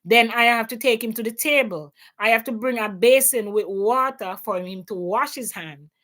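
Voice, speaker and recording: Hosting a relaxed opinion livestream from her Canadian home, this Jamaican woman has a fairly high, fairly bright voice and a moderate pace. Her English is mixed with patois and heavy emphasis.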